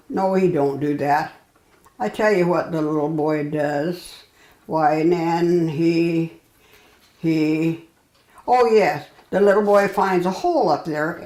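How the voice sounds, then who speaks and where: A woman reading a folksy children's bedtime story aloud, pausing and correcting herself as she goes. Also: fairly low pitch, darkish tone, echoey room, rough recording. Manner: halting, self-correcting storytelling.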